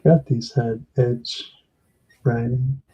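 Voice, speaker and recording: A man chatting casually on a stream, making slow, low-key remarks. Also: steady tone, dark tone, husky. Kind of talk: casual chat. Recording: dull, muffled audio.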